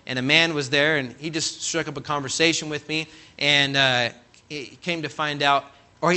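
A man from California, an assistant pastor, preaching a conversational sermon full of stories and calling out "Amen?" to the congregation. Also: fairly high pitch. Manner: animated, acts out quoted voices, calls "Amen?" to congregation.

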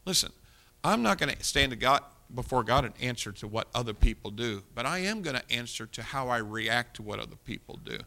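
A man's voice: medium pitch, expressive, fairly quick, vocal fry, sharp tone. A man preaching a folksy sermon, reading scripture aloud and talking directly to his congregation. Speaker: pastor.

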